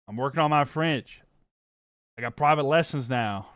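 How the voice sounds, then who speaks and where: A man's voice: medium pitch, moderate pace, fairly bright tone, no room sound, clean studio sound. A man from the American South with a Southern accent, casually chatting on a live stream and reading viewer comments in a rambling, laughing way. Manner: laid-back, rambling, fillers, laughs often. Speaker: sports streamer.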